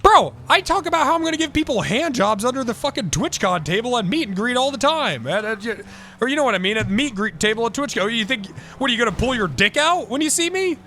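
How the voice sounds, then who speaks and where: A man streaming live, chatting casually with an excitable, profane manner and mock-outraged outbursts. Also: extremely high pitch, fast, slight background noise.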